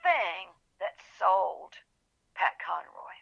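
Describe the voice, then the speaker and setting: Gravelly woman telling a story. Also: mid-range voice, extremely slow. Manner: animated storyteller, acts out quotes. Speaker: author guest. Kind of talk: storytelling interview. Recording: dull lo-fi phone-like audio.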